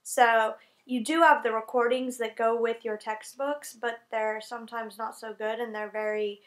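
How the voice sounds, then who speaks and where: Young woman, Southern US accent, somewhat high-pitched, casual vlog chat, rambling, self-correcting. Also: steady tone, moderate pace, fairly bright tone. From North Carolina, USA. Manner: chatty and rambling, many fillers and self-corrections. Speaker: English teacher on exchange program.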